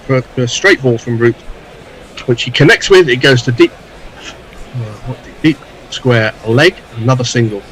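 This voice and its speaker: A man's voice: mid-range voice, a bit bright, slight background noise, poor audio. A man calling live cricket ball by ball, with dry, wry asides between deliveries.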